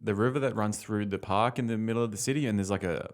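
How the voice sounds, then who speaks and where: A man's voice: lowish voice, fast talker. A man hosting a casual podcast chat, mostly chiming in with short agreement and follow-up questions. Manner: brief encouraging interjections, asks follow-up questions. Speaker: podcast host.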